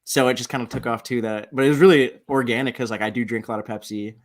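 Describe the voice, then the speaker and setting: A man's voice: medium pitch, steady tone, fast. A man in his twenties, a podcast guest, chatting casually with lots of "like" fillers. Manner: laid-back, peppered with "like". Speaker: podcast guest, sports superfan. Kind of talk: casual interview chat.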